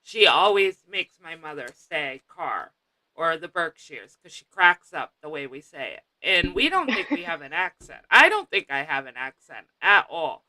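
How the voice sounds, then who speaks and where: A woman's voice: low voice, sing-song, normal speed, pushed and bright, no room sound, low-quality recording. A woman with a Massachusetts accent hosting a casual live-stream chat, talking loosely, laughing easily and trailing off mid-thought. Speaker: host.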